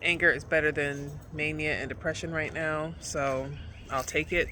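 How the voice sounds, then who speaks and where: A woman's voice: deep voice, steady tone, normal speed, pushed and bright, slight background noise. A woman vlogger talking to her camera from a car, venting candidly in an emphatic, repetitive way, with plenty of swearing.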